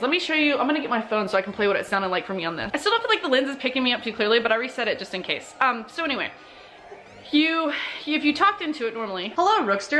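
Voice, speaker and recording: Chatty young mom, slightly high voice. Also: female voice, fairly bright tone. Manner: chatty, rambling, lots of fillers. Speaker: mom vlogger. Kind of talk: casual vlog chat. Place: bedroom, lying in bed.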